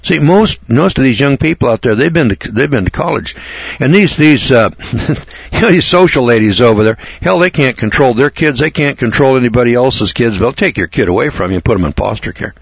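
A man's voice: mid-range voice, animated, fairly quick, creaky, slightly rough, dry recording. A man giving a blunt, rambling, opinionated monologue, mocking and repeating words as he goes. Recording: dull lo-fi recording, dry.

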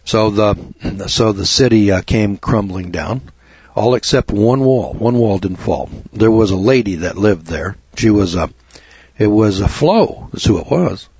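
A man preaching an informal sermon as a lay preacher, blunt and folksy with rough language. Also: lowish voice, expressive, a little slow, a little mellow, highs cut off.

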